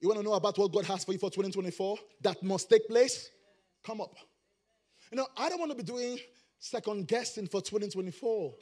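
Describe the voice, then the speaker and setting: High-voiced preaching man. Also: a little fast. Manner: preaching, shouting and sing-song emphasis. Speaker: pastor. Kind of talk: sermon.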